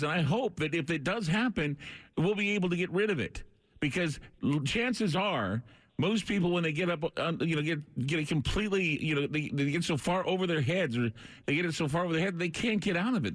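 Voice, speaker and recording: A man's voice: on the high side, dry recording. A man hosting a talk radio show, speaking in an earnest, preaching manner into a close studio microphone. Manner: earnest, preaching delivery, briefly choked up. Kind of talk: late-night talk radio.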